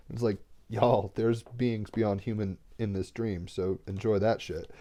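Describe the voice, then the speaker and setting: Low, mellow-voiced man rambling earnestly. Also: fairly even intonation, measured pace, few pauses. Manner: rambling, earnest, fillers like "like" and "right?". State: tearful, getting emotional. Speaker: tarot card reader. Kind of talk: casual spiritual livestream talk.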